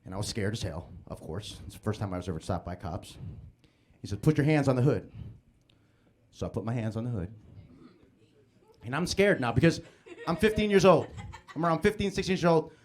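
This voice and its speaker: A man born in the Philippines and raised in Chicago performing a live stand-up set on a comedy club stage, telling stories with lively act-outs. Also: mid-range voice, fairly quick. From born in the Philippines, grew up in Chicago. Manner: animated storytelling, acting out scenes.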